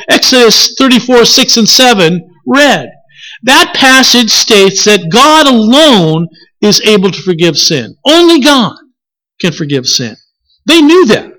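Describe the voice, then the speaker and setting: A preacher delivering a sermon in an expressive style, asking the congregation questions and correcting themselves as they go. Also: mid-range voice. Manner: corrects themselves mid-sentence.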